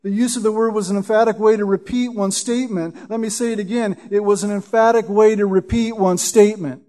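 A preacher with a notably high, warm voice works through a Bible passage verse by verse, patiently explaining what words mean and leaning on the scripture quotes for emphasis. He speaks a little fast with fairly even intonation.

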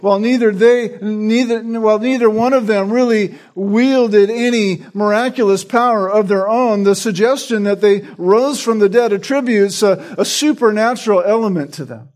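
A man's voice: high-pitched, a little mellow. A man preaching an expository Bible study, often repeating words and checking in with his listeners. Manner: repeats words while teaching, asks "right?". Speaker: pastor.

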